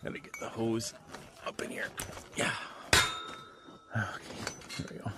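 A man homesteader chatting casually and fondly to his pigs outdoors on a farm, using doting baby talk. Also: a little slow. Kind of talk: casual vlog chat with animals. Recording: outdoor farm noise and animals.

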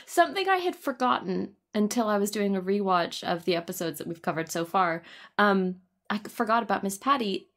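A woman's voice: medium pitch, lively intonation, a little fast, a bit bright. Thoughtful, giggly woman podcast co-host. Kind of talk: casual chat.

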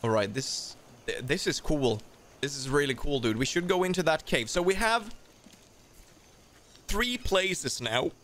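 Excitable man, lively gaming host. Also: fairly high pitch, slight background noise. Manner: excitable, chatty, quick exclamations. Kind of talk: casual co-op gameplay chat.

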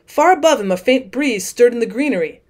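A woman teacher narrating a classic short story as an audiobook in a steady, clear reading voice. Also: a little high, fairly quick.

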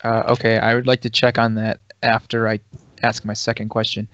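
A man's voice: on the low side, monotone, fairly quick, background noise. A man playing a tabletop game, talking in a stammering way with repeated words. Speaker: player. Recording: dry, dull lo-fi audio.

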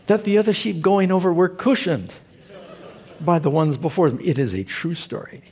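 A man's voice: on the high side, normal speed, a little mellow, slightly rough. A male pastor preaching a sermon, telling stories with humor and asking his listeners questions. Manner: humorous storytelling preacher who asks the audience questions.

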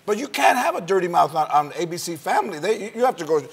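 A middle-aged man hosting a late-night comedy show, teasing his guest with loud joking bursts. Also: high-pitched, very animated, fast talker, breathy edge, big-room sound. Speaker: talk show host. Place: TV studio with live audience. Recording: studio with audience crowd noise.

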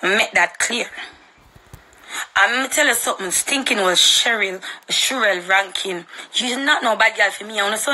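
A woman's voice: high-pitched, normal speed, sharp tone, rough recording. A young Jamaican woman with a Jamaican accent delivering a confrontational, profanity-laced social media rant.

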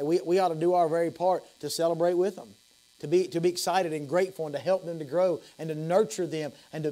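A man, a pastor preaching an evening sermon in a church. His preaching swings between high, loud passages and soft, low ones, and he often repeats and restarts phrases. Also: rough recording. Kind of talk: evening sermon with altar call. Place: church sanctuary.

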